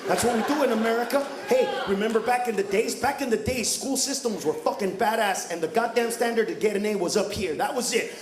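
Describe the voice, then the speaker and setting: A male stand-up comedian ranting profanely and shouting his punchlines on stage. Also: high-pitched, fairly quick, hardly any pauses. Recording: echoey live comedy club with crowd.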